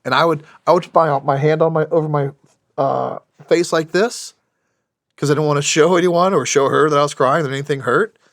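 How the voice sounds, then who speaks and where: A middle-aged man who served in the U.S. military talks candidly about his past as a guest in a podcast studio. His voice sits on the high side with fairly even intonation, and he speaks haltingly with many restarts and fillers; the sound is clean and echo-free.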